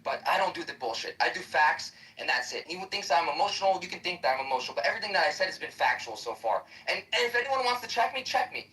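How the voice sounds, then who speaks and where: Fast, forceful, profane ranting man. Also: high voice, very animated. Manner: aggressive, profane, combative ranting. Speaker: live-stream debater. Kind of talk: heated live-app debate rant. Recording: voice distant from the mic.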